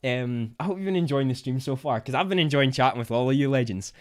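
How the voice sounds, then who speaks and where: A young man with a Scottish accent chatting casually on a livestream, reading out viewer comments with bursts of excitement. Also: mid-range voice, quick pace. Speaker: livestream host.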